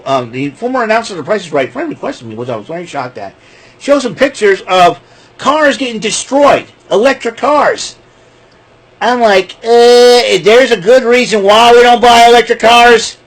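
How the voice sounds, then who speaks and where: A man's voice: very high-pitched, poor audio. A man talking casually to camera in a rambling, jokey monologue, ranting and laughing at himself. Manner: excitable, jokey, rants then laughs. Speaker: vlogger.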